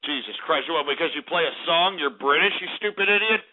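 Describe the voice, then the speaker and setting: A man with a high voice hosts a call-in radio show, exasperated and stumbling over his words as he swears and restarts sentences. The sound is thin and phone-like, low-fi. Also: fast talker, loud music behind the voice. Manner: exasperated, swearing, stammering repeats.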